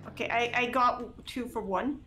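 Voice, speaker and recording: A woman's voice: fairly high pitch, moderate pace, crowd noise. A woman chatting casually while playing a co-op game, often flustered and exclaiming. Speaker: gamer. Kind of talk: casual co-op gameplay chat.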